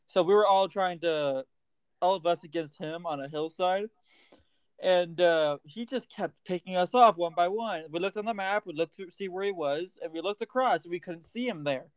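A young man chats on a podcast, telling relaxed anecdotes. His voice is smooth and clear, a bit high, and recorded dry and close. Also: moderate pace, no room sound. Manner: laid-back anecdotes, acts out quotes of friends. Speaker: podcast co-host. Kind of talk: casual chat.

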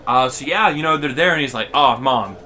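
A man's voice: fairly high pitch, fast, pushed and bright. A man telling a rambling, comedic story on a podcast, full of fillers and restarts. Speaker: podcast co-host.

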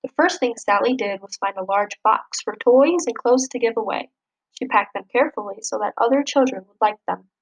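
Woman reading a picture book, lively. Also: on the high side, moderate pace, husky, rough recording. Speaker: storybook reader. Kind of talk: children's story read-aloud.

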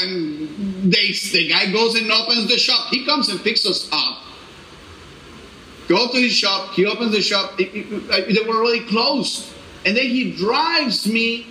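A man giving an animated, storytelling testimony with laughter and halting restarts, in a church. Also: high-pitched, slight background noise. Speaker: speaker giving a personal testimony. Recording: echoey room with faint ambience.

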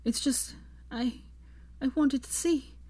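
A woman reader voicing an earnest, apologetic young woman who speaks softly and hesitantly, often in a whisper. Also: sits high, takes it slowly, slightly rough, voice pushed up, exaggerated voice.

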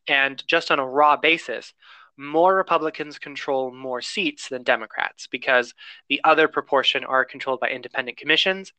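A man's voice: mid-range voice, normal speed, bright, forceful tone, smooth, no room sound. A man co-hosting a casual chat, explaining the news with fillers and wry asides.

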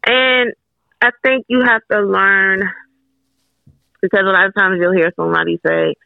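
A woman's voice: medium pitch, fairly even intonation, normal speed, creaky, no echo. A woman speaking as a guest author in a casual podcast chat, frank and candid, swearing casually as she talks. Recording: tinny phone-like line, dry.

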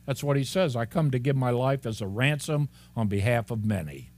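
This pastor delivers an expository sermon in a mid-range voice at a moderate pace, captured in a dry recording. He's animated, laughs a lot, and performs the lines of the characters in the story.

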